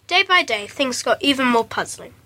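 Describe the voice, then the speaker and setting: A woman reading a children's storybook aloud in an expressive, lilting storytelling manner. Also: high voice, moderate pace, no room sound.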